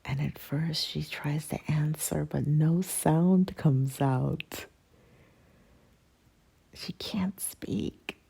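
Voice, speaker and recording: A woman whispers a bedtime story, unhurried and hushed. Her low whisper is husky and gravelly, with a dark, mellow softness. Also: steady tone. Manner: slow, soft, hushed.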